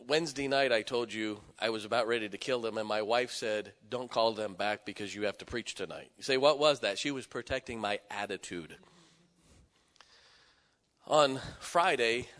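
A middle-aged man preaching a sermon, telling stories with loud emphatic bursts and quiet asides. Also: medium pitch. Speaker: pastor. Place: church sanctuary. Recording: long hall reverb in a church.

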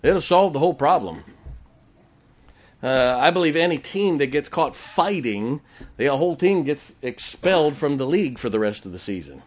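A man's voice: a little high, lively intonation, moderate pace. A middle-aged man preaching a sermon, drawing call-and-response from the congregation and slipping in jokes. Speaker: pastor.

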